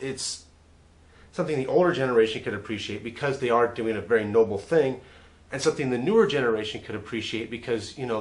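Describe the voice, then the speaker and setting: Man casually reviewing a western film. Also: mid-range voice. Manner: chatty, repeats words when restarting. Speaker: movie reviewer.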